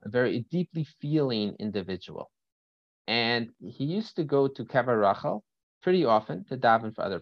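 A man's voice: lowish voice, creaky, no room sound, dull audio. A man teaching a Torah lesson through a story, often stopping to check in with "right?" and "okay?" and restarting phrases as he thinks aloud.

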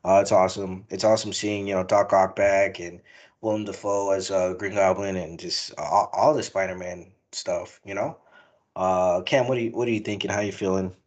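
Young male podcast host, low-pitched, loose and rambling, swears freely. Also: fairly even intonation, moderate pace, highs cut off. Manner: rambling, profane, emotional. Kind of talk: casual movie review chat.

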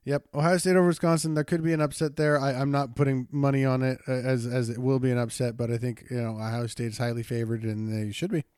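A man's voice: medium pitch, flat delivery, quick pace, few pauses, darkish tone, smooth, dry recording, clean studio sound. A young man co-hosting a casual sports podcast, jokey and hyped, repeating phrases for effect. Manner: jokey, hype-driven, repeats himself. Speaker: podcast co-host.

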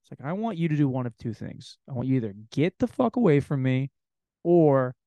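A man hosting a solo comedy podcast, telling crude, rambling stories in an animated way. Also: medium pitch, fairly quick, dry recording, dull audio. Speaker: podcast host.

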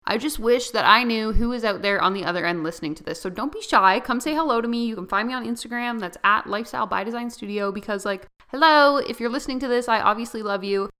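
A woman's voice: fairly high pitch, quick pace, few pauses, bright, forceful tone, clear, resonant tone. A young woman hosting her own podcast, rambling through unscripted solo talk with frequent laughs. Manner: chatty and rambling, often laughing. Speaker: podcast host.

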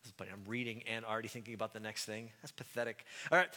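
A man from the United States preaching a sermon in a conversational, self-deprecating way, with animated asides. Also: lowish voice, very fast, few pauses, long reverb tail. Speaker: pastor.

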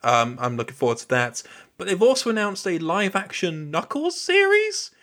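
Guy hosting a podcast, rambly casual chat, bright sharp voice. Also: high voice, very animated, moderate pace. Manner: rambling, chatty. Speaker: podcast host.

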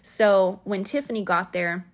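A woman hosting a podcast, telling a personal story in a candid, chatty way with asides, and acting out quoted lines with sudden high shouts. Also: unhurried. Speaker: podcast host.

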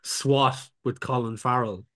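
Man, podcast co-host, rambling and sweary, mid-pitched voice. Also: fairly even intonation, unhurried, sharp tone. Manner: rambling, full of fillers and sweary asides. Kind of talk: casual pub chat.

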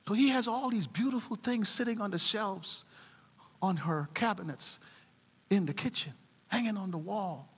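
A middle-aged woman preacher giving a sermon, mixing animated preaching with folksy stories about her family. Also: mid-range voice, normal speed, husky, big-room sound.

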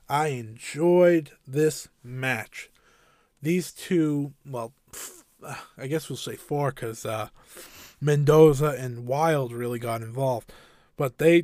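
A man's voice: on the high side, dry recording, clean studio sound. A man hosting a wrestling review podcast, talking in an enthusiastic, rambling way. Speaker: podcast host.

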